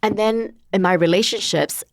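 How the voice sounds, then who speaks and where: A woman's voice: medium pitch, normal speed, no room sound, studio quality. A woman in her thirties, a guest in an interview, talking candidly and searchingly about her life with many filler words. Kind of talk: reflective personal conversation.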